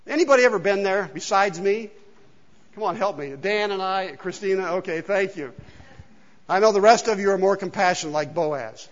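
A man's voice: sits high, normal speed. A male pastor preaching a casual, joking sermon and asking the congregation questions, recorded in a church hall. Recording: dull sound with long hall reverb.

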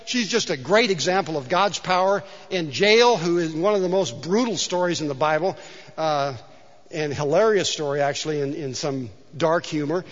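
Male pastor, high voice, chatty sermon delivery with rhetorical questions, muffled recording in a long-reverb sanctuary. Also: moderate pace. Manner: conversational, asides and rhetorical questions. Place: church sanctuary. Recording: dull sound with long hall reverb.

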